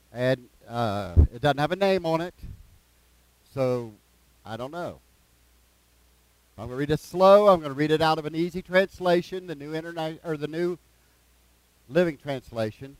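A man preaching a sermon in a folksy way, reading scripture slowly with plain asides and repeated phrases. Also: fairly high pitch, darkish tone, no echo, poor audio.

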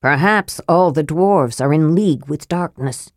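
A woman's voice: sits low, a little slow, no echo. Woman voicing a solemn male knight, grave and earnest, dry close sound.

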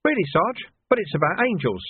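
A naive, eager young recruit as a male narrator puts him on, pitched high and full of questions, husky and leaping in pitch. The recording is narrow and phone-like. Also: sing-song, a little fast, exaggerated voice. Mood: curious. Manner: high, wide-eyed questioning. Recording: tinny phone-like band.

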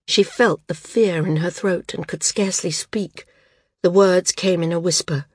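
A woman narrating an audiobook in an even, unhurried reading. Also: fairly low pitch, breathy edge, no echo, clean studio sound. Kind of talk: scripted narration.

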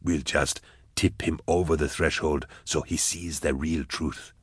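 Man doing a low, scheming villain. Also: fairly even intonation, unhurried, slightly rough, no echo, clean studio sound, full character voice. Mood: menacing. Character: scheming, ruthless male villain leader.

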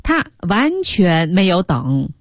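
Brief: female radio English teacher, slightly low and breathy, animated, explains and repeats phrases. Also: takes it slowly, no room sound, muffled recording. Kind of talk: bilingual radio English lesson.

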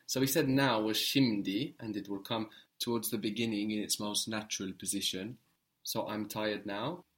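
A man teaching a spoken language lesson, patiently prompting his student and repeating each answer slowly. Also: fairly low pitch, steady tone, a bit bright.

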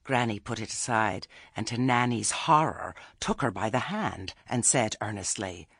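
A man reads a story aloud in a wry, measured way. His voice is low, gravelly and slightly husky, with lots of movement in pitch. The sound is close and dry. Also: animated, fairly bright tone, no room sound. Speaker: audiobook narrator. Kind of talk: scripted narration.

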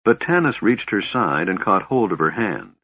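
This fantasy audiobook is read by a man whose low, husky voice has a sing-song lilt and an unhurried, measured rhythm. The audio is dry, a little dull, and free of room sound.

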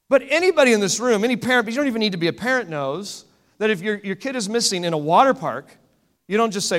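High-voiced man preaching in a hall. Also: fast. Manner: animated storytelling, swings between loud and hushed. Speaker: pastor. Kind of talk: sermon. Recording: echoey hall.

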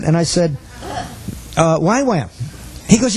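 A man's voice: high-pitched, expressive, a little slow, long pauses, mellow, low-quality recording. A man giving an earnest teaching talk to a missions class, telling a personal story and quoting the dialogue.

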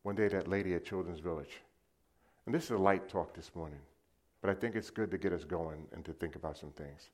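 Low-voiced and fairly quick, a middle-aged man preaches a sermon built around a personal story. He swings between loud calls to the crowd and soft, hushed lines.

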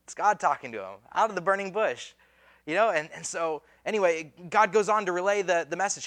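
A man delivering a sermon as a pastor, his voice sitting high for a man. He talks casually and conversationally, slipping in slang and acting out the people in the story. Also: lively intonation, brisk, fairly bright tone. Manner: casual, conversational preaching with slang and acted-out quotes.

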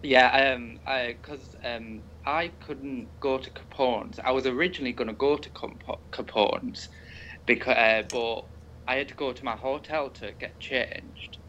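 A man's voice: medium pitch, steady tone, a little slow, a bit bright, muffled recording, slight background noise. A young man with an English accent, a podcast guest who rambles, laughs and jokes crudely in casual chat. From England.

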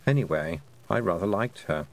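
A man's voice: low voice, expressive, normal speed, gravelly. A man voicing a sarcastic male talking toad in an audiobook, dry and knowing. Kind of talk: audiobook character voice.

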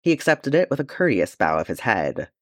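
A man narrating a fantasy fan fiction chapter as an audiobook, in an expressive, steady storytelling way. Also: medium pitch, fairly quick, no room sound, studio quality.

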